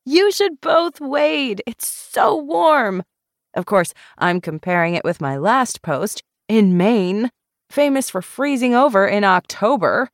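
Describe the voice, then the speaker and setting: A woman voicing a cheerful, slightly tipsy woman who speaks in a bubbly, drawn-out way. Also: fairly high pitch, animated, no room sound, studio quality, pitched above the performer's own voice.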